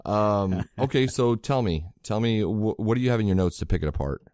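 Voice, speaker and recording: Deep-voiced man, swearing and excitable. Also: brisk, no echo, studio quality. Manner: excitable, swears a lot, animated retelling. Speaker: podcast co-host. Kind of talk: casual chat.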